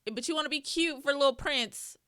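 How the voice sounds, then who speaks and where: A woman hosting a reaction channel, talking casually in an expressive, emotional way and swearing freely. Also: high voice, fairly quick, no room sound, studio quality.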